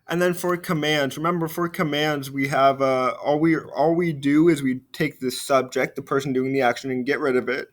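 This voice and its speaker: A man in a middle register talks through a French grammar lesson for video. He speaks patiently, uses plenty of fillers, and slows right down when he models each French example. His voice fades softly at the ends of phrases. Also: mid-range voice, fairly even intonation. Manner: frequent fillers, trails off quietly at phrase ends. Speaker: French teacher.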